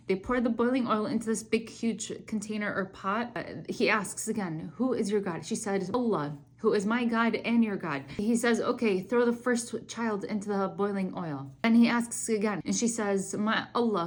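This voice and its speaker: A woman's voice: mid-range voice, a little mellow. Earnest young woman telling a faith story. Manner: earnest, conversational, many fillers. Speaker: Islamic speaker. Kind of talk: heartfelt religious storytelling.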